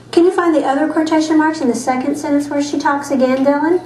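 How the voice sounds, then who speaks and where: A fairly high-voiced woman teaches a small reading group with patient, encouraging praise. She is recorded by a camera across an echoey classroom, so her voice sounds distant and roomy. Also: fast, hardly any pauses, dark tone, slight background noise. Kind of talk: guided reading lesson with a small group of children.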